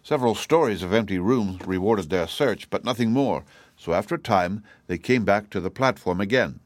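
Low-voiced man reading a storybook. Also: moderate pace, no room sound. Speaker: narrator. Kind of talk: scripted narration.

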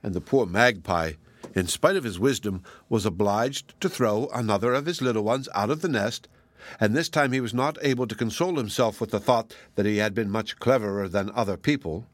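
Man, narrator, fairy tale reading, measured, dry close sound. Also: lowish voice, no echo.

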